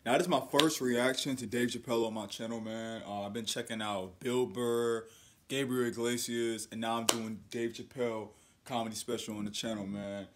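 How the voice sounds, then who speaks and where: A man's voice: mid-range voice, fairly even intonation, moderate pace, background noise. Laid-back male reaction host. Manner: laid-back, peppered with "man" and "bro". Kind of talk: casual reaction commentary.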